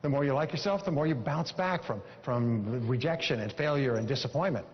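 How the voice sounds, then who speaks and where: A man's voice: medium pitch, a little fast. A man giving a motivational seminar talk, emphatic, repeating key phrases and coaching his audience. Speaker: seminar speaker. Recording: dull lo-fi sound with long hall reverb.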